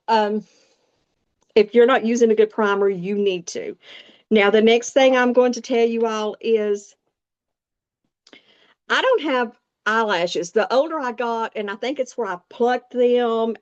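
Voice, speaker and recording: The recording is muffled, and this woman's voice is fairly high. She's a sixty-year-old makeup vlogger with a Southern Appalachian accent, chatting in a folksy way to her viewers during a casual tutorial.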